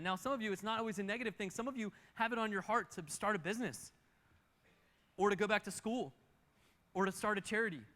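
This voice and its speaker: A man with a high, bright voice preaches a sermon, hammering home his points by repeating them. His voice rings out through a large church hall with a long reverb tail. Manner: emphatic, repeats key phrases. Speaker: pastor.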